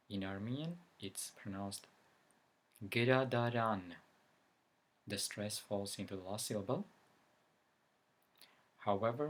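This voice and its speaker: Male teacher, lowish bright voice, very slow and careful delivery, beginner lesson. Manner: reads letters one by one, louder on each. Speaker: language teacher. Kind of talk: slow spoken language lesson.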